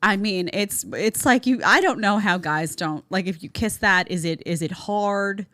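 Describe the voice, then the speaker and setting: A woman's voice: mid-range voice, moderate pace, pushed and bright, no echo. A woman hosting a commentary show, giving blunt, sarcastic opinions on viral clips. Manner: blunt, sarcastic, mocks others in mimicking voices. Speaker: host.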